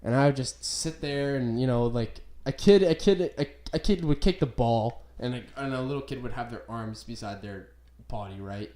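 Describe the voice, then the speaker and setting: Young guy, mellow voice. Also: medium pitch, moderate pace. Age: young adult. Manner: rambling, profane, full of "like" fillers. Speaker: podcast host. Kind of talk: casual chat.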